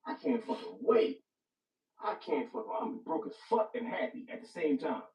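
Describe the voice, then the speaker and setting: Hyped guy reviewing a movie, high voice with a gravelly edge, echoey room, distant dull mic. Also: big pitch swings, moderate pace. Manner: hyped, profane, repeats phrases. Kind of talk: casual movie review chat.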